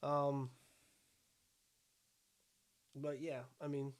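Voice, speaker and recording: A man co-hosting a podcast in casual chat, blunt and quick to argue, swearing freely. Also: mid-range voice, completely flat delivery. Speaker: podcast co-host.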